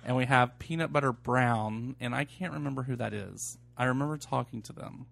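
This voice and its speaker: Gravelly, joking man podcast co-host. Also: mid-range voice, brisk, a bit bright, faint music behind. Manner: joking, reads listener emails, runs the show order. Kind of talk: casual podcast chat.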